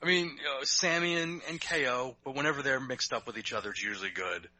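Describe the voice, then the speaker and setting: A man co-hosting a podcast, speaking in a relaxed, wry, conversational way. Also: medium pitch, quick pace, no echo, poor audio. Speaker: podcast co-host. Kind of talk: casual wrestling talk.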